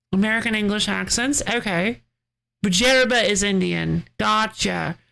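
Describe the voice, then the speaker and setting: A woman's voice: mid-range voice, creaky, a bit bright. A woman streamer giving casual let's-play commentary, musing and thinking aloud with curiosity. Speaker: game streamer.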